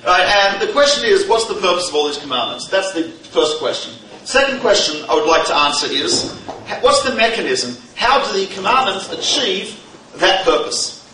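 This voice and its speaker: A man giving a religious lecture, an animated storyteller who mixes in jokes. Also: high-pitched, moderate pace. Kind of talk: lively teaching lecture with stories and jokes. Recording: roomy, distant mic, faint background noise.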